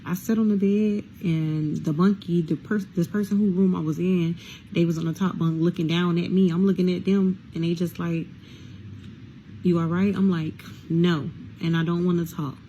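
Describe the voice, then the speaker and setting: Gravelly-voiced woman telling a candid story. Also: lowish voice, fairly even intonation, normal speed, warm tone, muffled recording, a little hiss or hum. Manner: candid, addresses listeners as y'all, swears freely. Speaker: storyteller recounting prison time. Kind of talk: casual storytime monologue.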